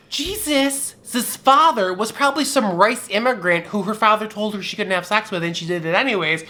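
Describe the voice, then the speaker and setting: A man's voice: high voice, moderate pace, few pauses, sharp tone. A young man chatting campily on camera during a drinking game, sassy and irreverent, recorded at home on the camera mic. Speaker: vlogger.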